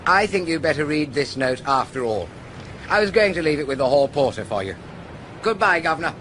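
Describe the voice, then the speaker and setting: A bumbling posh young heir. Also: male voice, on the high side, very animated, brisk, fairly bright tone, slight background noise. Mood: breezy. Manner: blustering, hesitant, slangy. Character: bumbling young aristocratic son, nervous. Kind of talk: radio drama acting.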